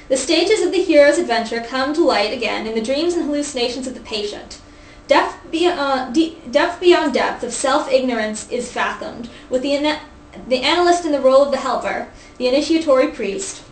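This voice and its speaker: High-voiced young woman hosting a study group. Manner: playful, reads aloud from a book with restarts. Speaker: host. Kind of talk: casual study group reading. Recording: echoey room, faint background hiss.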